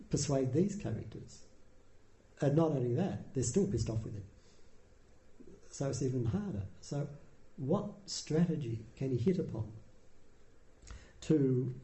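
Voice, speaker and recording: A man giving a Buddhist dharma talk, telling the story in a relaxed, conversational way with dry humour. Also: mid-range voice. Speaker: dharma teacher. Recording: roomy echo.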